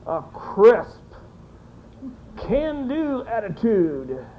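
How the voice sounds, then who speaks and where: A teacher at a middling pitch runs a lively classroom discussion, echoing students' answers back to them. The voice sounds dull and lo-fi, as if caught on an old classroom mic, with faint noise behind it. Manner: brisk, encouraging, repeats students' answers aloud.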